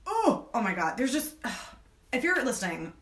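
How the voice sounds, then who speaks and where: A woman co-hosting a podcast in casual chat, animated and laughing, acting out lines from a book and movie. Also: a little high, moderate pace, echoey room. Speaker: podcast co-host.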